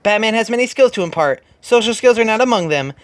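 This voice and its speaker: A reader lowering their voice for a cold commanding mother. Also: lively intonation, quick pace, dry recording, lightly acted. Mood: cold, dry. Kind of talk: comic dramatic reading.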